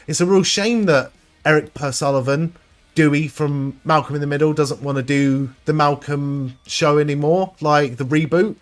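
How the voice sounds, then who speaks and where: A man hosting a live stream, chatting casually with viewers, rambling and swearing freely. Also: fairly high pitch. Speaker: livestream host reading chat.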